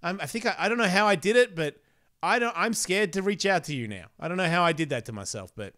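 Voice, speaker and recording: Animated, crude-talking male podcast host. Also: sits high, fast. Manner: crude, animated storytelling with acted-out quotes. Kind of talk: casual chat.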